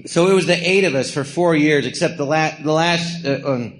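Middle-aged guy rambling through stories live, kinda high voice, little hiss behind. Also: a little fast. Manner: rambling anecdotes with quoted voices and laughs. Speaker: podcast host telling stories. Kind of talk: live podcast storytelling. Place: theatre stage before an audience.

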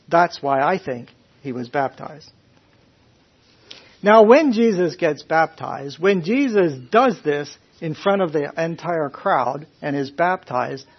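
A man preaching a conversational sermon to a Bible class, questioning his listeners in a folksy, animated way. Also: on the high side, husky. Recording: dull lo-fi recording.

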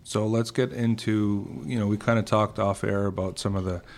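A man interviewing a departing host in a radio studio, asking questions in a relaxed, conversational way. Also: lowish voice, normal speed.

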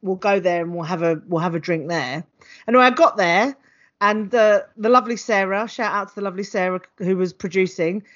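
A woman co-hosting a podcast, telling a story in an animated, chatty way over a home mic on a call. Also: mid-range voice, brisk, lo-fi sound. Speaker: podcast co-host. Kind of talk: casual chat. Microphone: home mic on a video call.

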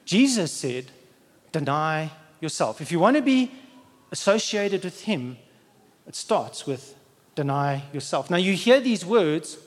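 A man's voice: high voice, long reverb tail. A man preaching a Sunday sermon in a conversational way, acting out the quoted lines as he speaks.

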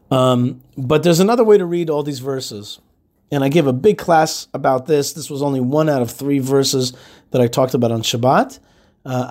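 A man's voice: medium pitch, darkish tone. A man hosting a show, teaching scripture in a loose, conversational way with frequent fillers and restarts. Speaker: radio show host.

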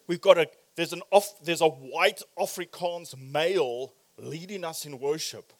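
A man preaching a sermon in a church, animated, swinging from loud exclamations to quiet, probing questions. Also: fairly high pitch, measured pace, hardly any pauses. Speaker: pastor.

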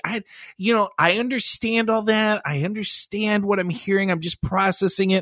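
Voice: mid-range voice, pushed and bright, no echo, clean studio sound. A podcast co-host who reacts with wry jokes and laughs often. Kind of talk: casual podcast chat.

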